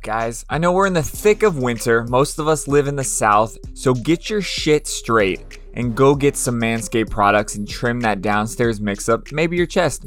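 A man on a podcast rattles through a sponsor read, crude and joking, loose and offhand. His voice sits at an ordinary pitch, with light music faintly underneath. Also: a bit bright. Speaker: podcast co-host. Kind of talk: casual ad read.

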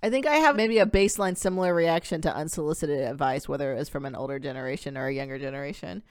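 A woman co-hosting a podcast chats casually, telling stories animatedly and acting out what other people said. She has a low-pitched, clear, resonant voice and talks quickly. The studio-quality recording has no room sound.

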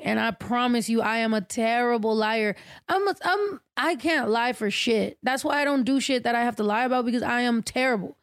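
A woman podcast host telling a story in casual chat, blunt and profane, animated as she talks. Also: a little high, no room sound, studio quality.

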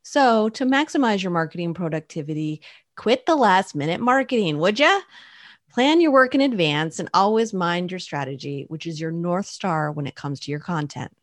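A woman co-hosting a marketing podcast, cheerful and quick to laugh. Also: lowish voice, animated, dry recording. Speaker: podcast co-host. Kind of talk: scripted podcast chat.

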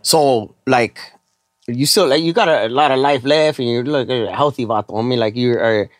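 A man of middle pitch hosts a podcast, talking loose and friendly in street slang, dropping homie and vato into every few lines. His voice is dry and close in the studio. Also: normal speed, no echo, faint music behind. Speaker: podcast host. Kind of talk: casual chat. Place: recording studio.

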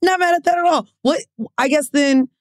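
A woman co-hosting a podcast, playful and quick to laugh. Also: high voice, dry recording, clean studio sound. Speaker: podcast co-host. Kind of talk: casual podcast chat.

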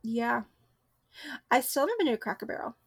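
A young woman co-hosting a podcast in casual chat, chatty and giggly, riffing quickly. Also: on the high side, very animated. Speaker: podcast co-host.

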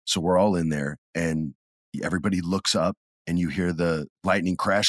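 Lower-voiced middle-aged man telling stories. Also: moderate pace, no echo, clean studio sound. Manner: animated storyteller, acts out scenes with sudden loud bursts. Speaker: podcast co-host. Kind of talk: casual chat.

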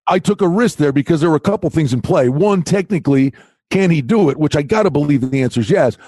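A man co-hosting a casual sports betting podcast, talking in animated, quick bursts and cutting in on his partner. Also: a little high, dry recording, studio quality. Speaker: podcast co-host.

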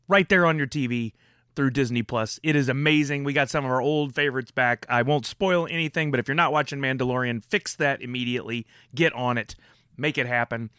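A man's voice: on the high side, sharp tone, clean tone, no echo, studio quality. A man co-hosting a podcast, chatting enthusiastically about shows he has been watching. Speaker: podcast co-host. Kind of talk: casual podcast chat.

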